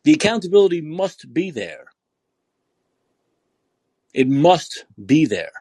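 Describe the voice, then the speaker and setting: Angry ranting man, husky voice. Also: on the high side, sing-song, slow pace, dry recording. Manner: yelling, profane, repeats rhetorical questions. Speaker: podcast host. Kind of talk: angry political rant.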